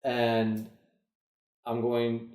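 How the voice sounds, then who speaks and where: A man playing a tabletop game, calm and deliberate as he describes his move. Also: medium pitch, far from the mic. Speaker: player. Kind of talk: casual tabletop play. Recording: roomy echo.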